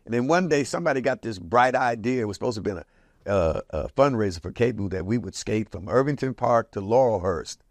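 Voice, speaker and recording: An older man in his seventies, from Portland, Oregon, spins casual stories and slips into animated voices for the people he quotes. His voice sits in an ordinary middle pitch for a man. It is recorded close and dry, with no room echo. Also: brisk. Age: 70s. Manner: lively, acts out quoted voices with big jumps in pitch and loudness. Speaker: interviewee recalling community history. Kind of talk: casual storytelling reminiscence.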